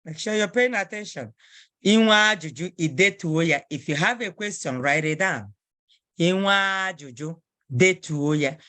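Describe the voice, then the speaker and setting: A woman's voice: lowish voice, lively intonation, normal speed, a bit bright, no room sound. A woman teaching a language lesson, patiently repeating phrases word by word.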